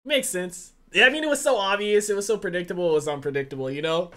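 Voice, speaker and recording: A man giving casual, excitable reaction commentary, loud and full of swearing. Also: high-pitched, fast talker. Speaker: reaction video host. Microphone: desk microphone.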